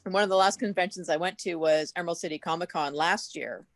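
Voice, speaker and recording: Lively storytelling woman with swearing. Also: on the low side, fast, no room sound. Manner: animated storyteller, swears freely. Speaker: guest at a podcast meet-up. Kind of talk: casual chat. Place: home, on a video call. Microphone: video call.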